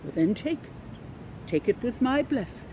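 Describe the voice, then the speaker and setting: A woman voicing a red-faced, hearty English vicar with an English accent, genial and brisk in manner. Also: on the high side, sing-song, mellow, highs cut off, slight background noise.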